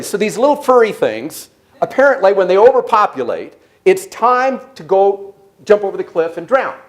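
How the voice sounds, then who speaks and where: A man giving an animated sermon-style talk at a church service, telling stories and questioning the audience. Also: high-pitched. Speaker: speaker.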